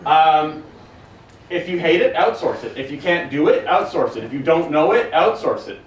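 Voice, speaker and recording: A man with a slightly high voice talks to a conference audience, blunt, profane and joking as he answers their questions. He sounds distant from the mic in a roomy hall, with faint noise behind him. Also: animated, normal speed. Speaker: conference speaker taking questions. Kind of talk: casual talk with audience Q&A.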